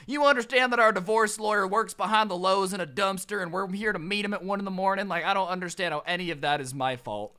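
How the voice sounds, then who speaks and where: A young man tells a story to his channel in a casual, sarcastic way. His voice is high and bright, and he keeps the story animated. The delivery is loose and conversational. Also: quick pace, hardly any pauses. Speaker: storytime vlogger.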